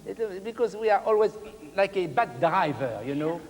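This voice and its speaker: An older man, a French-speaking cello teacher, coaches a masterclass in broken English, singing phrases aloud and slipping in French words. His voice is high and animated at a moderate pace, recorded in a hall with music playing.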